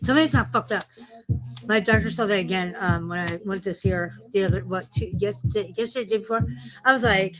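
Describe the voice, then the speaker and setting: A woman's voice: mid-range voice, fast talker, over music, rough recording. A woman hosting a casual livestream, talking in a profane, rambling and easily distracted way. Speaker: livestream host.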